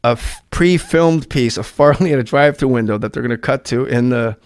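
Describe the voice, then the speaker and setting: A man's voice: fairly quick, clean tone, no echo, studio quality. A middle-aged man, a guest comedian, telling a story in casual chat and acting out the voices. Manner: animated, acts out voices with rising pitch.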